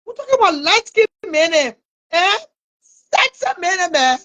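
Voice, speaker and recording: Liberian woman, high voice, mocking vlog rant with scornful laughs. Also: very animated, moderate pace, a bit bright. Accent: Liberian English. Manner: mocking, scolding, with frequent laughs. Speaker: online commentator. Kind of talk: taunting live rant.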